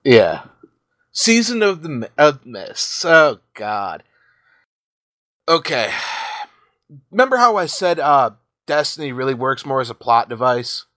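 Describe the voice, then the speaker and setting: A man's voice: mid-range voice, unhurried, long pauses, no room sound, studio quality. A man hosting a podcast, casually retelling a story with plenty of swearing and laughter. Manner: profane, animated storytelling with laughs. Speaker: podcast host.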